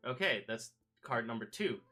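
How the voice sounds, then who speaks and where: A man's voice: mid-range voice, expressive, moderate pace, bright, forceful tone. A man streaming casual chat, rambling through a story with many fillers and restarts. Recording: faint background music.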